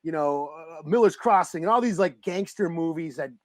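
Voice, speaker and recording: High-voiced excitable man, rambling chat. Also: moderate pace, no room sound, clean studio sound. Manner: rambling, excitable, swears freely. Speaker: podcast co-host. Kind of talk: casual movie review chat.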